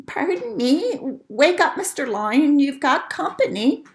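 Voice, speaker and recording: Storybook voice: woman playing a tiny eager boy mouse, squeaky and earnest, higher up. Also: sing-song, measured pace. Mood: polite. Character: tiny timid young male mouse, eager.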